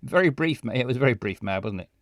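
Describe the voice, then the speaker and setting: A man's voice: mid-range voice, lively intonation, fast, dry recording. Guy streaming a game, rambly and stumbly, jokes at himself, dry close mic. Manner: rambling, stumbling, self-mocking. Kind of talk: casual live game stream commentary.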